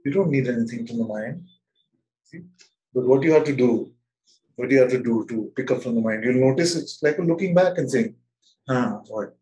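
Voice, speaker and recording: A man leading a spiritual satsang over an online call, speaking gently and slowly with frequent laughter. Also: medium pitch, low-quality recording. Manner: gentle, slow and playful, laughs often. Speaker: spiritual teacher. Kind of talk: satsang talk. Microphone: video call.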